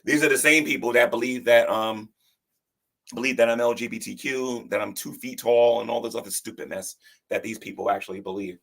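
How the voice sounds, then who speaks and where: A man's voice: medium pitch, steady tone, fairly quick, gravelly, a bit bright. A man hosting a livestream who gives casual, defensive commentary and often repeats himself and restarts his sentences.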